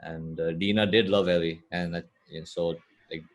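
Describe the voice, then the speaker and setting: Guy on a podcast breaking down a game story, lowish voice, blunt and animated, lots of "uh" and "like". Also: moderate pace. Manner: animated, often paraphrases and quotes game scenes; blunt opinions with filler words. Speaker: podcast co-host. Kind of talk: casual video game discussion.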